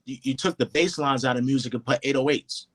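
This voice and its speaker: A man's voice: mid-range voice, a little fast. A man, a hip hop producer and mixing engineer, talking through his craft in a casual interview, often saying "you know what I mean".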